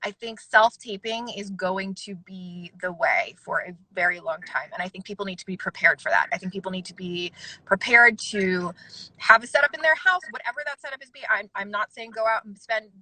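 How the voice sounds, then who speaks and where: A woman's voice: medium pitch, pushed and bright, no room sound, low-quality recording. A woman casting director giving candid, emphatic advice in a casual livestream chat over a video call. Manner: candid, emphatic, fast-talking with asides.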